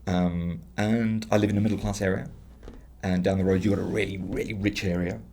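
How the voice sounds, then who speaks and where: A man's voice: low-pitched, brisk, a little hiss or hum. A man with a London accent, a guest in a casual conversation, telling stories and acting out the voices of the people he quotes. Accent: London English. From England. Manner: lively storyteller who acts out quoted voices. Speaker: interview guest.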